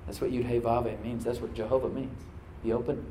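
A man's voice: medium pitch, level tone, fairly quick, a little hiss or hum. Preaching man in a roomy church. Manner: conversational preaching, dropping to soft prayerful tones. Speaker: pastor. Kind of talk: sermon. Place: church sanctuary. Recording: roomy hall, mic at a distance.

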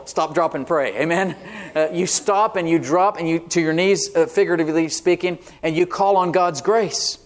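A man preaching a sermon as pastor, conversational and often asking the congregation "Amen?". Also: a little high. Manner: call-and-response "Amen?" asides, conversational.

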